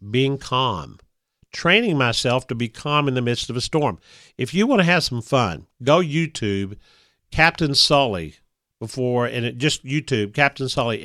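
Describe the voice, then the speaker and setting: A man's voice: mid-range voice, sharp tone, no echo, studio quality. A middle-aged man hosting a motivational radio talk show, folksy and playful, acting out quoted voices.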